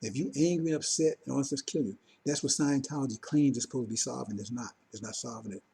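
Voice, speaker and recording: Preaching casually to his flock, this man has a mellow mid-range voice with vocal fry and a fast delivery, and slight background noise is audible. The religious teacher keeps things conversational and repetitive, constantly asking "see?" and "you understand?" to make sure his listeners are following.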